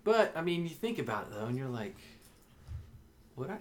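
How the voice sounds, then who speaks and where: A man's voice: mid-range voice, moderate pace. A man with an ordinary, mid-range voice tells a story on a casual podcast. He talks animatedly and laughs often as he goes. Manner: animated, laughs often while telling stories. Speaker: podcast co-host.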